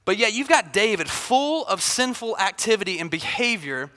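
A man in his thirties, a pastor, preaching a sermon in a casual, animated way. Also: high voice, moderate pace. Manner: casual and animated, acts out Bible figures. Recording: long hall reverb.

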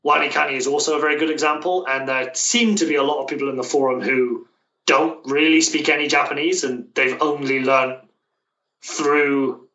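A man's voice: on the high side, fairly even intonation, normal speed, bright, forceful tone, lo-fi sound. A man from Britain, a language coach, talking as an interview guest in a thoughtful way with many restarts. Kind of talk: casual interview conversation. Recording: echoey room, distant mic.

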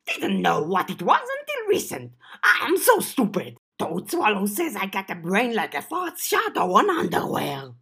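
A woman voicing a tiny, greedy, eager female goblin who chirps her answers brightly. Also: medium pitch, huge pitch swings, moderate pace, few pauses, husky, pitched above the performer's own voice, full character voice. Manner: bright, chirpy, talking with a full mouth.

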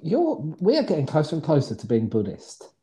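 Mellow teasing man, lively pitch. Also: a little fast. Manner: teasing, playful banter. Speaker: podcast co-host. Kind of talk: casual chat.

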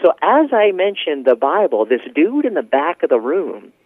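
A man telling a story in casual conversation, animated and laughing often, with lots of fillers. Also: fairly high pitch, moderate pace, dry recording. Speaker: guest. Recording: tinny phone line, dry.

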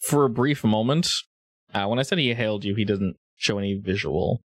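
A man's voice: lowish voice, no room sound. A man running a tabletop role-playing game, narrating the scene and explaining rules in a chatty way. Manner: chatty, explains rules quickly, laughs often. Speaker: game master.

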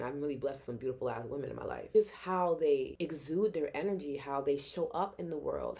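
A young adult woman hosts a solo podcast in a casual, heartfelt way. Her voice sits a little low for a woman. She talks with earnest, expressive energy and drops the odd swear word. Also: creaky. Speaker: podcast host.

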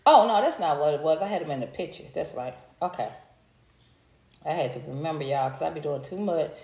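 A woman's voice: low-pitched, lively intonation, fairly quick, mellow. A woman, hosting a live stream and talking straight to her viewers in a heated, profane rant. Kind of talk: casual live-stream commentary. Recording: echoey room.

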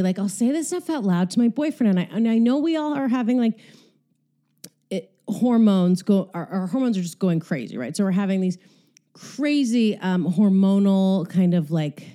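A woman's voice: mid-range voice, mellow. A woman hosting a candid, profane, rambling monologue while she exercises, out of breath.

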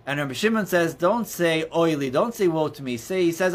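A man leads an informal Torah class in a slightly high voice. He tells the story conversationally, circling back with restarts and filler words. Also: expressive, normal speed, fairly bright tone. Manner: conversational, many restarts and "you know"s, storytelling. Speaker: rabbi teaching a class. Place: indoors near books.

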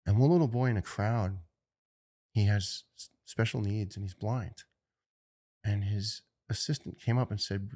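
A middle-aged man, a firefighter, telling personal stories in an earnest, halting way with restarts. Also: on the low side, warm tone, breathy edge. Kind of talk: personal storytelling speech.

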